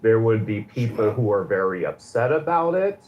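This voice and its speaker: A man's voice: fairly low pitch, very animated, moderate pace, darkish tone. Man explaining over dull lo-fi audio. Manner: explanatory, presses on through interruptions. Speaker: panel debater. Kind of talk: heated online panel debate.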